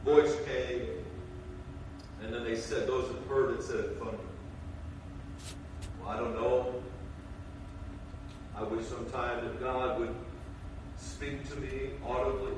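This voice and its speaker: Guy preaching hard, loud then quiet, big church echo, mic kinda far off. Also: little pitch movement, slow, long pauses, noisy background. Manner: impassioned preaching, swinging from shouts to low murmurs. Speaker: pastor. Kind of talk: sermon. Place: church sanctuary. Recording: roomy hall sound from a distant mic.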